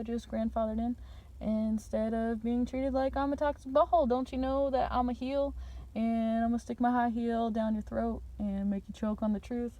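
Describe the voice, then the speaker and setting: A woman vlogger talking to her viewers in a meandering, playful monologue full of slang, drifting between calm and loud. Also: on the high side, dull audio. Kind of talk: rambling stream-of-consciousness monologue.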